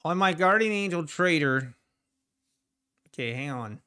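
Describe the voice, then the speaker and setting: Casting note: man, live trading streamer, unhurried delivery, clean resonant tone, a bit high-pitched. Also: lively intonation, sharp tone, clear, resonant tone. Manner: rambling, talks to the market and to chat viewers. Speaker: trading livestream host. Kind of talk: casual live commentary while trading.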